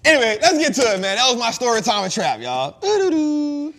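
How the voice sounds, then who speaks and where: Male host, 30s, casual storyteller, raised pitch, very lively delivery. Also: quick pace, creaky, slight background noise. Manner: animated, slangy, shifts from loud to hushed.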